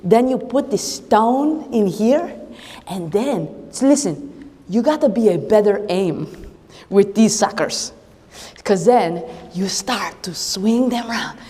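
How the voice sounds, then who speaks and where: A woman's voice: medium pitch, expressive, measured pace, warm tone. A woman leading a camp chapel, telling a Bible story in the first person to young campers with playful sound effects and questions. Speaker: camp worship leader. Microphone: action camera. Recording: long echo in a hall.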